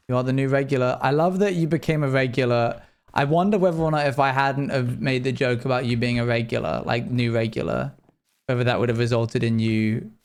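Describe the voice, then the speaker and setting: A man's voice: medium pitch, darkish tone, clear, resonant tone. Rambling young male streamer chatting casually. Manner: rambling, chatty, often restarts mid-sentence. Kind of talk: casual livestream chat while playing.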